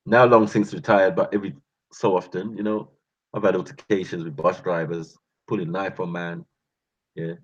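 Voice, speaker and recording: A man telling boastful street stories in a casual, slangy, animated vlog. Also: low-pitched, moderate pace, slightly rough. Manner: animated, slangy, boastful, breaks into laughs and sound effects. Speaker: channel host. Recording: muffled lo-fi sound.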